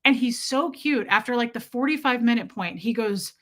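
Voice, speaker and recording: A woman with a bright, forceful voice rants casually to her livestream audience. Her pitch sits a little on the high side, and she talks quickly with lots of restarts and filler "like"s. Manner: fast, chatty, full of restarts and "like". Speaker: livestream host. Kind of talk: casual ranting storytelling.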